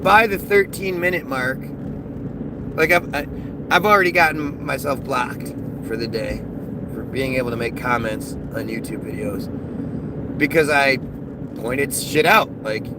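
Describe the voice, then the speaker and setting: A man's voice: mid-range voice, unhurried, very noisy. A man ranting in an unscripted monologue, sarcastic and profane, stumbling over restarts and repeated words. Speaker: vlogger.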